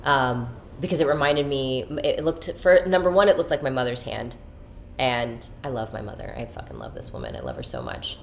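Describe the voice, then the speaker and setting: A woman's voice: very deep voice, big pitch swings, fairly quick, vocal fry, slight background noise. A woman hosting a podcast, talking candidly and emotionally about her inner life, swearing freely and using spiritual self-help language. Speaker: podcast host. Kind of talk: candid personal monologue.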